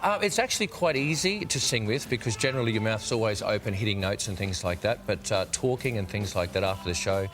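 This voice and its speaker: Australian man, thirties, lowish voice, relaxed self-deprecating guest chat. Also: fast, few pauses, over music. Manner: chatty, self-deprecating, many fillers. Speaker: interview guest, tribute singer. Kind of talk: casual TV interview chat.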